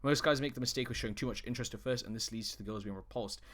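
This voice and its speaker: A man's voice: medium pitch, very fast, a bit bright. A man coaching on dating in a casual, direct-to-camera talk. He is blunt and swears freely, often restarting his sentences mid-thought.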